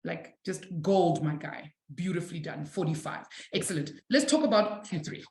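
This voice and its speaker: A woman from South Africa teaching a live online maths lesson, encouraging her students warmly and calling them affectionate names. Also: lowish voice, animated, normal speed, roomy sound. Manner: warm, encouraging, calls students "my sweetie".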